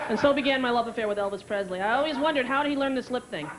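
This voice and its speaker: On a comedy stage in front of a live crowd, a woman delivers a brash stand-up set full of stories and character voices. She speaks rapid-fire in a slightly high voice, with few pauses. The recording picks up the audience and background noise.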